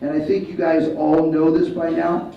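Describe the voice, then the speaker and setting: A male martial arts instructor leading a school assembly, giving loud commands and calling for the kids to repeat after him. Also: fairly high pitch, flat delivery, normal speed, vocal fry. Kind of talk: school assembly talk with call-and-response. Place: large school hall or gym. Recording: echoey hall, distant, dull sound, faint crowd.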